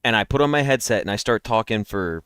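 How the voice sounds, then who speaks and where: A man's voice: lowish voice, lively intonation, fast, a bit bright, clean tone, no room sound, clean studio sound. A man streaming daily guessing games, chatting and rambling nonstop to his viewers through a headset mic while yawning. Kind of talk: casual live-stream chat.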